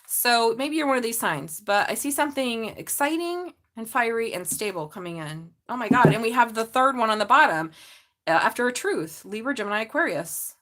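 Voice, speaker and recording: A woman's voice: a little high, lively intonation, brisk, a bit bright. A middle-aged woman with a Southern accent hosts a live tarot reading, chatting and joking with viewers in a slightly mumbly voice. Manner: chatty and joking, laughs often, talks to the chat. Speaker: tarot reader hosting a live stream.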